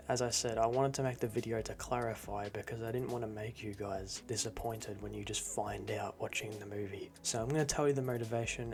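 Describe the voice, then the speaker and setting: Gravelly young man rambling earnestly. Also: mid-range voice. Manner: earnest, rambling, self-doubting, lots of fillers. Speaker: fan film creator. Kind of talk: casual direct-to-camera update.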